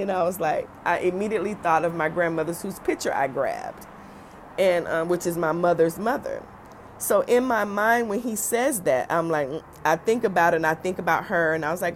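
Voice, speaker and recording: A middle-aged woman telling a personal story in a lively way, acting out the voices of the people in it. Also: on the low side, moderate pace, a little hiss or hum. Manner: animated, acts out other people's voices.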